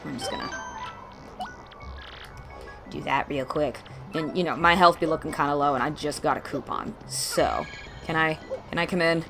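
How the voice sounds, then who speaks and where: A woman's voice: low-pitched, moderate pace, vocal fry, long pauses, a bit bright, soft background music. A woman from Texas casually commenting on a video game she is playing, with playful asides. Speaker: let's play host.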